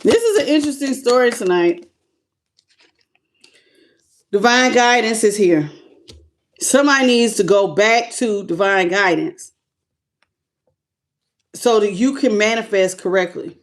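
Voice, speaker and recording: A woman's voice: medium pitch, animated, unhurried, pauses often. A woman giving a live tarot reading, talking bluntly and sassily and calling her viewers baby and honey. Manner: greets live chat viewers by name. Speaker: tarot reader.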